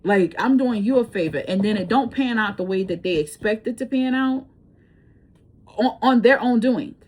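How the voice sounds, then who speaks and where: Woman, fairly high voice, blunt casual storytelling, swears freely. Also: moderate pace. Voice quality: blunt, profane, animated storytelling. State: breathing hard. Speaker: tarot reader.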